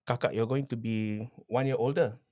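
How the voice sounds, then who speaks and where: A man, a podcast guest telling his business story in a casual interview, animated, repeating phrases and asking rhetorical questions. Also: mid-range voice, moderate pace, heavy background noise.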